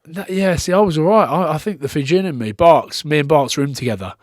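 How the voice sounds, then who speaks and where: With clean studio sound and no room sound, a Scottish man's fairly high voice comes across a little fast. A former rugby player, he chats casually as a podcast guest, telling stories, swearing freely, and acting out whoever he's quoting.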